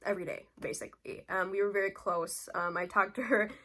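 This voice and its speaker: A young woman beauty vlogger talks straight to her camera in a casual, rambling way. She keeps looping back with fillers and restarts, and her voice stays at a middling pitch. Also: steady tone, brisk, fairly bright tone.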